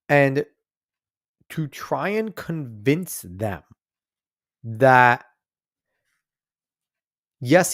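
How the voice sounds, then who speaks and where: A man hosting a podcast, giving blunt, profane, casual commentary on a news clip he plays for listeners. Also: medium pitch. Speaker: podcast host.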